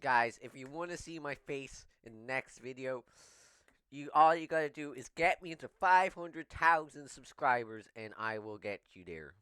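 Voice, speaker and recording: A man hosting a casual eating vlog, talking between bites in a slow, playful way and pushing viewers to subscribe. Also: mid-range voice, expressive, sharp tone, clear, resonant tone, no room sound. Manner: talks while chewing, slow and playful, begs for subscribers. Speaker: mukbang vlogger.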